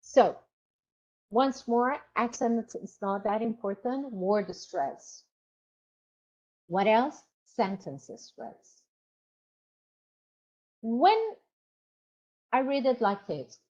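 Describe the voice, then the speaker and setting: A woman lecturing to a class of trainee teachers, explaining each point in a measured, deliberate way. She pauses to check whether her listeners follow. The recording sounds dull and lo-fi. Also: fairly high pitch, lively intonation, a little mellow. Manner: explanatory, asks the class questions. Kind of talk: online lecture.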